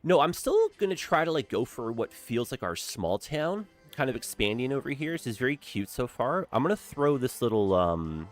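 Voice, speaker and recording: A man's voice: medium pitch, big pitch swings, moderate pace, hardly any pauses, faint music behind. A young man chatting casually while live-streaming a city-building game, upbeat and full of "like" and "eh?".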